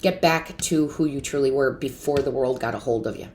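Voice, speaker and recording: Low-voiced earnest woman reading tarot. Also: a little fast, a little mellow, slight background noise. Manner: earnest, emotional, often asks "right?" and "okay?". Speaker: tarot reader and medium. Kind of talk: intuitive tarot reading to camera.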